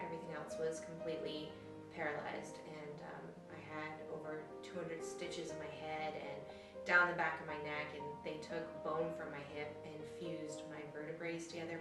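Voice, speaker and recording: A young woman from Canada with a low voice recounts her own story in a loose, chatty way and slips into quoted dialogue. The recording sounds very echoey and picked up from a distance, with faint music underneath. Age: 20s. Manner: casual, conversational, many fillers and quoted dialogue. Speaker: interviewee. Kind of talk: personal story told to camera.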